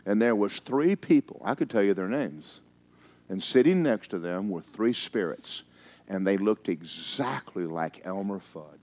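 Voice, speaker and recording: Male pastor, very low voice, emphatic folksy sermon, teasing asides, hushed moments. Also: lively intonation, measured pace. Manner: emphatic, storytelling preacher who drops into hushed asides.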